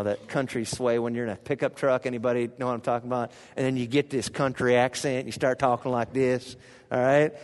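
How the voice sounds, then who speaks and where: A man preaching a sermon as pastor, animated, asking the congregation questions and swinging from hushed to loud. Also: mid-range voice. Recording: long reverb of a large hall.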